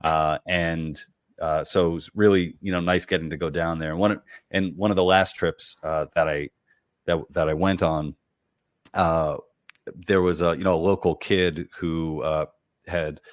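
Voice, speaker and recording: A man with a very low, deep voice tells personal stories in an easy, conversational way. He halts often, repeats words and fills gaps with "uh" and "you know." The sound is close and dry, with no room echo. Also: steady tone. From United States. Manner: halting, many fillers and repeated words, laughs while telling stories. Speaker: comedian guest. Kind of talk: relaxed conversational storytelling.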